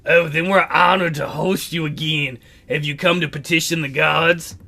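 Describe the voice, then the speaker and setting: A man reading the lines of a calm, distant young woman priestess in a slow, measured way. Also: a little high, gravelly, exaggerated voice.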